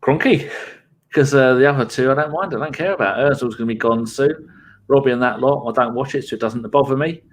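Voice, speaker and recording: A man hosting a casual football podcast, brisk and wry, swearing freely as he steers the chat. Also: mid-range voice, slight background noise. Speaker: stand-in podcast host.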